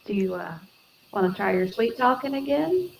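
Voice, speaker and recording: A woman's voice: medium pitch, very animated, moderate pace, vocal fry, a little hiss or hum, poor audio. A woman tabletop player speaking in character with a wry, drawling manner.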